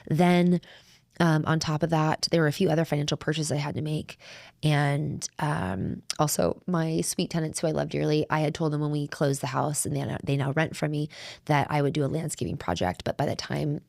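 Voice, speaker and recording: Low, gravelly earnest woman podcaster. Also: a little fast, darkish tone, dry recording, studio quality. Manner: earnest, heartfelt, rambling with restarts. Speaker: podcast co-host. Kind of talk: faith-based conversational podcast.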